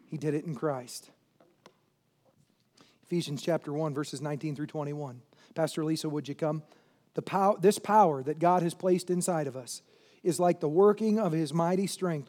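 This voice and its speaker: A male pastor delivers a sermon in a notably high voice. He preaches emphatically, throwing questions at the congregation and swinging between loud shouting and quieter, intense stretches. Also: normal speed, pauses often.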